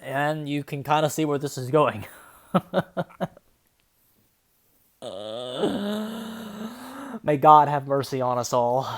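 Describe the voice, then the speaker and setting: A woman's voice: a bass voice, lively intonation, drawn-out words, pauses often. Exasperated young woman reading aloud. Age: young adult. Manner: exasperated, swearing, filler-heavy, frequent laughter. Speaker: graduate student reviewer. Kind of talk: comedic dramatic reading with commentary.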